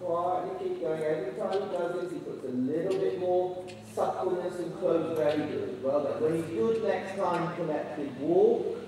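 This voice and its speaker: Riding coach, echoing from far off. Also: male voice, high-pitched, moderate pace, hardly any pauses, crowd noise. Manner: encouraging, frequent praise, playful teasing. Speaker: riding instructor. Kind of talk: coaching a dressage lesson. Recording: echoey arena, voice from far off.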